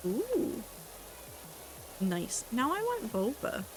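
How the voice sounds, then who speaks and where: A woman's voice: on the high side, wildly swooping pitch, extremely slow, over music, poor audio. Chatty woman streamer reading chat. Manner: chatty, wry, reacting to chat with asides and profanity.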